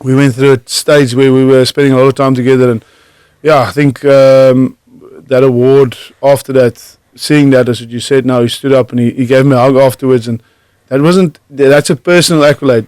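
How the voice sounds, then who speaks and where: A man with a South African accent softened by Irish sounds talks over a close, dry studio microphone. He tells his stories in a halting way, with many fillers and restarts, at a middling pitch. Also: steady tone, clean tone, no room sound. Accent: South African with an Irish tinge. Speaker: guest, former rugby player. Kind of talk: relaxed storytelling in a radio interview. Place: radio studio.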